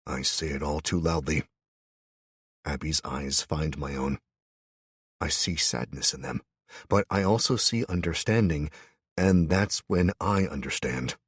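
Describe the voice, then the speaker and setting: A man's voice: a bass voice, normal speed, husky, no room sound, studio quality. A man narrating a first-person audiobook in a tense, wry manner.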